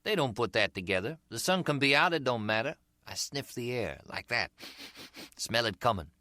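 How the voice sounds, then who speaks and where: Man voicing a smooth-talking middle-aged street hustler, slangy and teasing, bright lively voice, for an audiobook. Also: mid-range voice, fairly quick, dry recording, studio quality, voice pushed up. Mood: chatty. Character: slick streetwise male umbrella hustler, middle-aged, easygoing.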